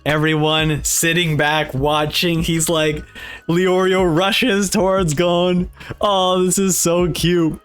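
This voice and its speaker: A young man giving excited reaction commentary on an anime and reading lines aloud in playful voices. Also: fairly high pitch, takes it slowly, smooth, faint music behind. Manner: animated, reads lines aloud in silly voices.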